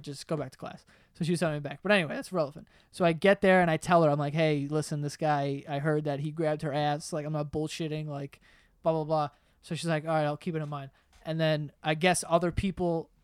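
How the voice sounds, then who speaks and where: A man's voice: fairly high pitch, clean tone, no echo, studio quality. Young man telling stories, laughing. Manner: animated, laughing, swears freely, acts out other people's lines. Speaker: podcast host. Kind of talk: casual storytelling among friends.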